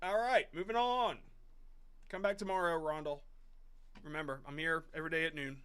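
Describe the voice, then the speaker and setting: A man in his thirties talks through viewers' videos on a live stream, loose and rambling, with restarts and the odd swear word. His voice sits a little high and sounds bright and forceful. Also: steady tone, moderate pace, clear, resonant tone. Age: 30s. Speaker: host reviewing viewers' short videos. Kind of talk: casual live-stream commentary.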